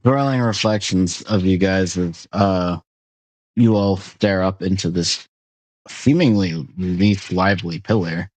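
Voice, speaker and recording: A man's voice: deep voice, slow pace, a little mellow, no echo. A man narrating a tabletop game as game master, in a playful manner with laughs between lines.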